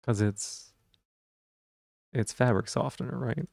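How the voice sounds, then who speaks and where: A man's voice: mid-range voice, fairly even intonation, takes it slowly, vocal fry, darkish tone, no room sound, studio quality. A man streaming live, chatting casually and playfully while he repeats silly puns and rambles.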